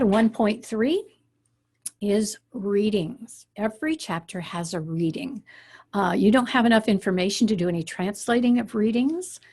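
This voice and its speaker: Woman, online Latin teacher, patient explaining, lots of okay and um, mid pitch. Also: a little mellow. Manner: explanatory, uses frequent fillers like okay and um. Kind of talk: online class lesson.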